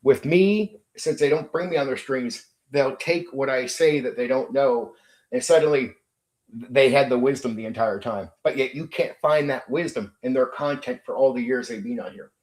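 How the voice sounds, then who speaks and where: A man's voice: mid-range voice, moderate pace, darkish tone. A man hosting his own channel, ranting unscripted in an aggrieved, repetitive, emphatic way, swearing and repeating his points. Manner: mimics rivals in sneering quoted voices. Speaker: channel host. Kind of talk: unscripted monologue rant.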